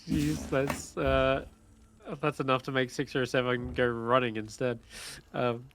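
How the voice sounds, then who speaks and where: A man narrating a tabletop role-playing game as game master, descriptive and measured, with small hesitations. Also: mid-range voice, level tone, fairly bright tone, no room sound.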